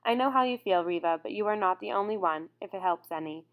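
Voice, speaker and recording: A woman reading a calm, soft-voiced teenage boy. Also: medium pitch, quick pace, natural voice. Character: calm gentle teenage boy, quietly determined. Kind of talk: audiobook character reading.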